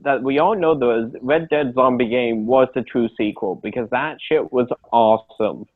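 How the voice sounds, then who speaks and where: A man in a casual podcast chat, loud, rambling and crude, joking that he is drunk. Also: medium pitch, normal speed. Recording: tinny phone-like line.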